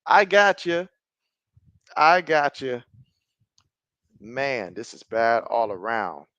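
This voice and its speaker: A man in his thirties hosting a casual live stream, calling football plays and reading viewer chat aloud, reacting loudly to big plays. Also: medium pitch, sing-song, takes it slowly, smooth, no echo, dull audio. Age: 30s. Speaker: live-stream sports host.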